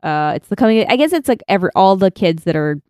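A woman's voice: mid-range voice, very animated, fast talker, darkish tone, smooth, dry recording, studio quality. A woman co-hosting a podcast, chatting casually and laughing as she reads out her notes. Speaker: podcast co-host. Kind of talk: casual chat recapping an anime.

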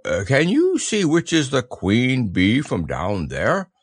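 A man voicing a gentle, slow-witted male teddy bear in a storybook, with a slow, ponderous, musing delivery. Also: mid-range voice, huge pitch swings, breathy edge, dry recording, studio quality, full character voice. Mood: anxious. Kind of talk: storybook character voice.

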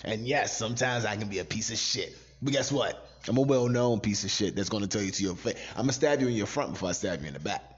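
A man co-hosting a podcast, ranting profanely in a casual, animated way and laughing often. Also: on the low side, fast, hardly any pauses, breathy edge. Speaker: podcast co-host. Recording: dull lo-fi sound.

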